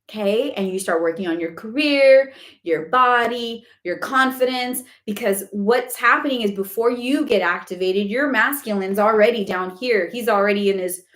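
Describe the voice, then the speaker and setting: Her voice mid-range and slightly bright, this woman spiritual coach takes live-stream questions at a normal speed in an echoey room. Candid and emphatic, she talks bluntly with casual swearing and keeps asking "okay?" to check in.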